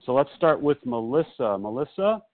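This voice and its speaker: A man's voice: medium pitch, very animated, normal speed, no echo. A man chairing a recovery meeting, calling out names in a casual, slightly apologetic way. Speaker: meeting leader. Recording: phone line.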